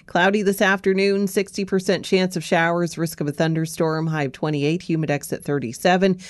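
A woman anchoring a local radio newscast, reading the news and weather in a steady, measured way. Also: lowish voice, dry recording.

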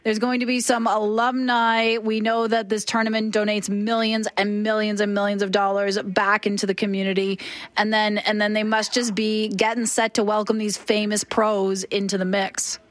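A woman's voice: medium pitch, flat delivery, moderate pace, no room sound. A woman hosting a morning radio show, chatting in a playful, teasing way. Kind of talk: casual radio chat.

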